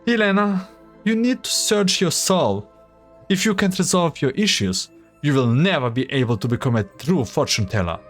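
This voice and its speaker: A man's voice: on the high side, expressive, moderate pace, faint music behind, voice pushed up, lightly acted. A man voicing a probing, intense female fortune teller who scolds and lectures in a raised voice. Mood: scolding.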